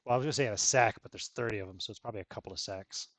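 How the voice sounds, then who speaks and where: A man's voice: fairly low pitch, racing, fairly bright tone, no room sound. Laid-back male game master, dry sound. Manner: casual, laid-back, laughs often. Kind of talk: running a tabletop game.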